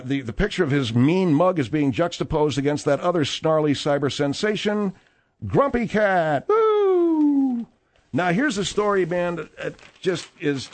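A man's voice: fairly high pitch, no room sound. A man hosting a radio show, reading and chatting casually with restarts.

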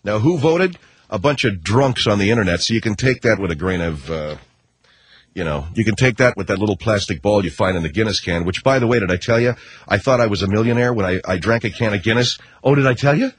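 Male radio host, husky, wisecracking, lively swings in pitch. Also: fast talker. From United States. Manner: rambling, wisecracking, animated storytelling. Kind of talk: casual radio talk.

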